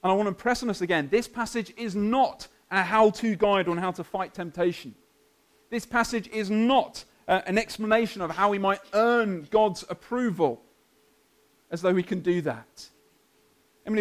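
A man preaching a sermon, earnest and emphatic, building up and then softening to a quiet close. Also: sits high, normal speed. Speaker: pastor.

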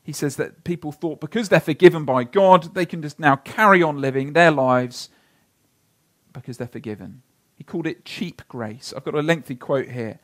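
A pastor preaching a sermon, telling stories earnestly and slowing down to read scripture. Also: male voice, a little high.

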